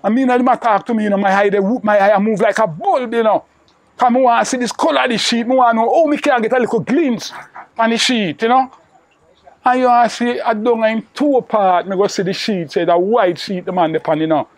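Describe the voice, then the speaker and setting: An older man from Jamaica recounts the old days in broad patois, his voice pitched somewhat high. The sound is dry and close, with no room around it. He rambles and repeats himself, with "you know" in nearly every line. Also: fairly even intonation, a little fast, no room sound. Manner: repetitive, peppered with "you know". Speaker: interviewee recalling old friend. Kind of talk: rambling oral storytelling.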